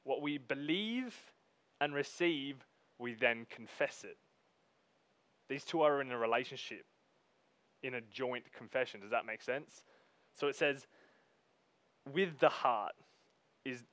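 A man preaching a sermon. He reads scripture slowly, then talks to the congregation in a casual, emphatic way. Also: mid-range voice, fairly bright tone, no echo.

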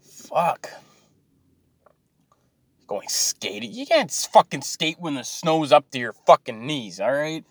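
A man's voice: fairly high pitch, very animated, slow, pauses often, slightly rough, no echo. Swearing man on a rant. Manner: swearing, mocking, exasperated rant. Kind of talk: profane ranting monologue.

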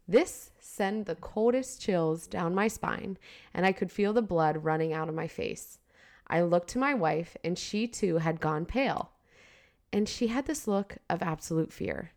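A woman co-hosting a podcast in casual chat, frank and quick to laugh, who also reads a spooky story aloud with asides. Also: on the low side, expressive, darkish tone. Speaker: podcast co-host.

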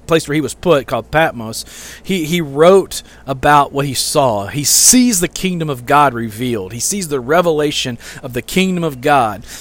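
Brief: middle-aged male pastor, slightly high voice, casual sermon delivery that swells on key points. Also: fairly bright tone. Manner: conversational preaching with fillers and repeated lines.

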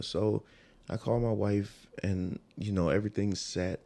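A man's voice: deep voice, fairly even intonation, takes it slowly, warm tone. A man telling an emotional personal story in a rambling, casual way, repeating himself and restarting sentences.

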